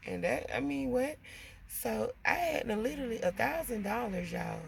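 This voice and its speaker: A woman's voice: on the high side, animated, normal speed, creaky, slight background noise. A woman with young kids venting casually to her viewers, swearing freely and calling them y'all. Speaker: vlogger.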